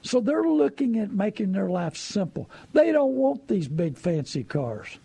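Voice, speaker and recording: A man's voice: high voice, big pitch swings, a little slow, creaky, dark tone, breathy edge, no echo. A man giving folksy, preachy money advice, full of rhetorical questions. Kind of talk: casual advice talk.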